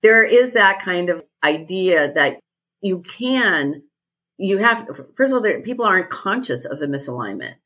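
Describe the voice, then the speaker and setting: A woman's voice: lowish voice, lively intonation, a little slow, a bit bright. A woman guest who leads retreats, talking thoughtfully in a podcast conversation and repeating her key phrases.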